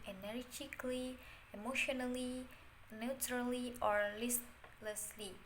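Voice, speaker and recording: Slow-spoken young woman presenting a lesson. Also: medium pitch, a little hiss or hum, poor audio. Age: young adult. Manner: reads notes with frequent fillers. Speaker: student presenter. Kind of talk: class presentation on intonation.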